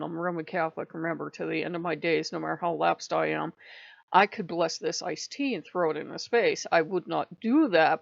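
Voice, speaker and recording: A woman's voice: lowish voice, vocal fry, a bit bright, no room sound. A woman hosting her own channel, telling a long casual story in a rambling way and laughing often between lines. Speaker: channel host. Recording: dull lo-fi dry recording.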